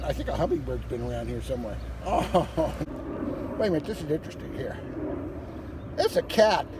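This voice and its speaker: A man voicing an excitable, crude male dog who rambles and gets distracted by smells on a walk, recorded outdoors from a distance with loud background noise. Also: on the high side. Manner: giddy, rambling, distractible sniffing talk.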